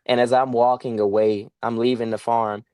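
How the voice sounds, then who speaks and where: A man's voice: medium pitch, flat delivery, normal speed, dark tone, dry recording. A man speaking as a guest on a livestream interview, earnest and pleading, repeating himself for emphasis over a video call. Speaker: guest, farmer and sanctuary owner.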